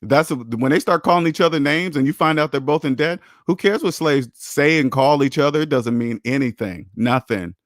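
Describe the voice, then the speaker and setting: This blunt American man hosts a live personal finance Q&A stream, answering chat in a preachy, profane way. His slightly high voice keeps a moderate pace with hardly any pauses, and he swears for emphasis, repeats himself, and jumps sharply up in pitch when mocking. The close mic is dry, with no room sound.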